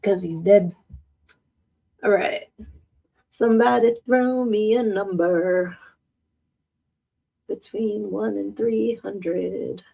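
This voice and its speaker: A woman's voice: medium pitch, slow pace, gravelly, pauses often, husky, dull audio. A woman hosting a casual live podcast, chatting and joking with her audience and laughing often. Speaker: podcast host. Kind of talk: casual live-stream chat.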